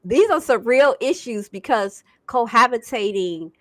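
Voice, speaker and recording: A woman co-hosting a podcast, with a slightly high and very lively voice. She exclaims and laughs often and uses folksy phrasing. The sound is dry and close, with no room echo. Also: measured pace. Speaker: podcast co-host. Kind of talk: casual chat.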